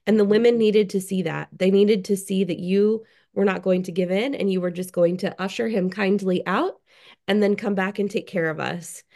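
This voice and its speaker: A woman guest speaks earnestly on a group call, with steady admiration in her voice. Her tone carries a noticeable gravelly fry. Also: mid-range voice. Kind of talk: casual chat on a group call.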